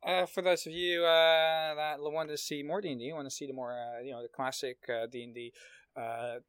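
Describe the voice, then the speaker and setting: A man's voice: a little high, level tone, fairly quick, fairly bright tone, clean tone, no echo. A man on a casual podcast, a game master plugging his streams, talking hesitantly with many fillers.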